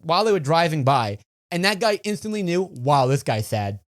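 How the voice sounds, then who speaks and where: A man's voice: on the high side, sing-song, moderate pace. A young man co-hosting a podcast, chatting in a playful, teasing way and laughing easily. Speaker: podcast co-host. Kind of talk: casual chat.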